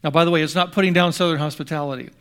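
A man's voice: fairly high pitch, fairly even intonation, racing, a bit bright, clear, resonant tone. An older man preaching a sermon in a conversational, rambling way, full of restarts and asides. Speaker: pastor.

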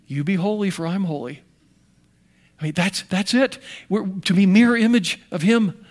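A man's voice: sits high, expressive, brisk. An older American man preaching a sermon, telling stories animatedly with restarts and sound effects. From United States. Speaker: pastor.

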